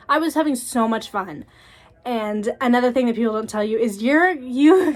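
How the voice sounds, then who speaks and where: A woman in her twenties telling stories in a blunt, animated casual vlog, laughing often. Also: a little high. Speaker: cosmetologist sharing school experiences.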